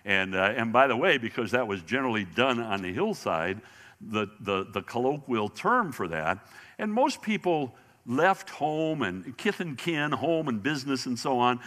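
Animated man teaching in a reverberant hall. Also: mid-range voice, normal speed. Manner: animated, repeats words as he restarts. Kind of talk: sermon-style Bible lesson.

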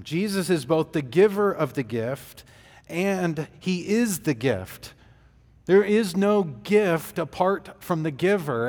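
A man preaching a sermon as pastor, measured and deliberate, with fillers and restarts. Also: a little high, a little mellow. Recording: long hall reverb.

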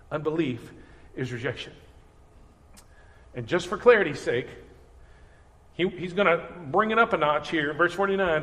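A man preaching a sermon as pastor, earnest and animated, acting out everyday voices. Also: fairly high pitch, normal speed, pauses often. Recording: reverberant hall.

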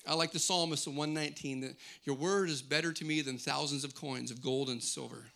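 High, bright-voiced preaching man. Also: steady tone, brisk, creaky. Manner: declaring scripture with rising intensity, then conversational teaching. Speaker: pastor. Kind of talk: sermon.

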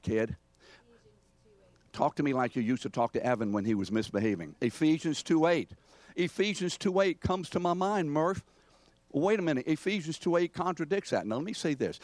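A man's voice: medium pitch, lively intonation, normal speed, no echo. An older man preaching an interactive sermon, teaching from scripture and pressing his congregation with questions and calls for answers.

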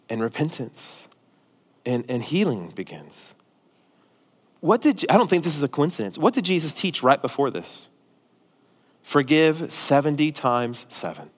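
A male pastor preaching a sermon, forceful and emphatic at times and quiet and pastoral at others. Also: medium pitch. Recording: long hall reverb.

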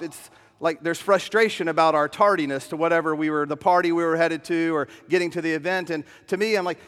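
A middle-aged male pastor preaches with a slightly high voice that carries a long reverb through the church sanctuary. He moves between slow, hushed tenderness and lively storytelling. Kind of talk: sermon.

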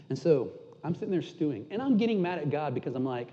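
A pastor preaching with a mellow, dark-toned voice, telling a story against himself and letting it fall to a near hush at the tender parts. His voice rings out with long reverb in a big hall, and the sound is slightly dull and muffled. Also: a little high, sing-song, fast talker. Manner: candid storytelling, self-deprecating, drops to a hush at tender moments. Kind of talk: sermon.

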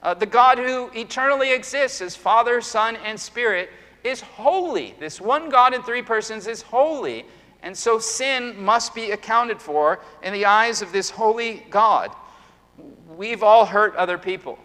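A man's voice: high-pitched, a little slow, sharp tone. A middle-aged male pastor preaching an earnest sermon, full of emphatic rhetorical questions. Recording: long hall reverb.

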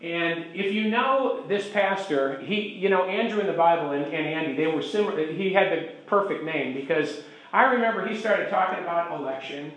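A man's voice: sits high, normal speed, a bit bright. A man teaching a Bible class as pastor, chatty, checking in with the group for agreement as he goes. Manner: chatty, asks the room for agreement. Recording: echoey room.

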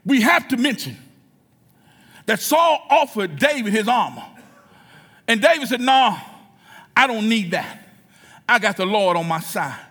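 A man preaching a sermon in a church, building from storytelling to shouted, fervent preaching. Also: high-pitched, sing-song, a little slow, long pauses.

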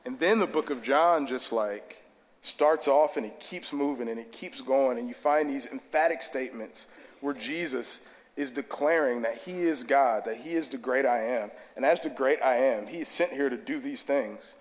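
In a church sanctuary with long hall reverb, a man preaches a casual, conversational, enthusiastic sermon. His voice is mid-range and his speed normal.

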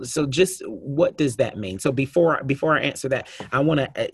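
An earnest man speaking to a church congregation about a reading plan, often stumbling and restarting his sentences. His voice has a husky, slightly breathy edge. The recording is dry and close, with no room echo. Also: mid-range voice. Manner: earnest, restarts often, reads scripture aloud. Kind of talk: church announcement talk.

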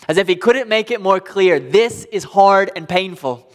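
Pastor, male, slightly high voice, emphatic sermon delivery, long hall reverb. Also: normal speed. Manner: emphatic preaching with sharp swings between loud declarations and hushed passages.

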